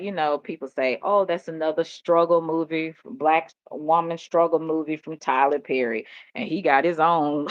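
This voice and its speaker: A woman's voice: sits low, no room sound, lo-fi sound. A woman host talking candidly in a rambling casual chat, laughing often. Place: home.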